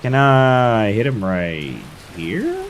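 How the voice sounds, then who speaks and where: A man's voice: mid-range voice, drawn-out words, a little hiss or hum. A young man streaming a game live, hyping up his fights and chatting casually with viewers. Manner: excitable, hyped shouts while fighting.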